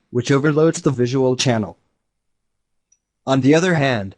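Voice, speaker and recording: A synthetic male narrator voice reads a scripted explanation. His delivery is even and measured, at a middling pitch. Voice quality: synthetic text-to-speech voice.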